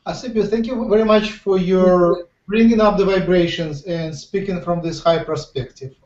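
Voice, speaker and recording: A man's voice: sits high, fairly even intonation, moderate pace, darkish tone, lo-fi sound. A man in a webinar, politely thanking the speaker and sharing hesitantly. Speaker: webinar participant. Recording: distant echoey webinar audio.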